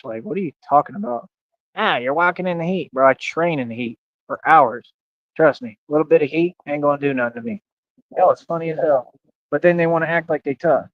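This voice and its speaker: A man's voice: fairly high pitch, dry recording. A man streaming live, boastful and confrontational, challenging viewers in slangy speech full of "bro" and "like.". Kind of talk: ranting livestream talk. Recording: dull, dry lo-fi stream audio.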